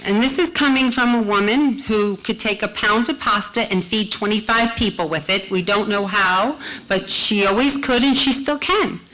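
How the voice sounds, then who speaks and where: A woman telling a heartfelt personal story to an audience at a live storytelling event, slowing down to lean on key phrases. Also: mid-range voice, pushed and bright, rough recording. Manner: heartfelt, slows for emphasis.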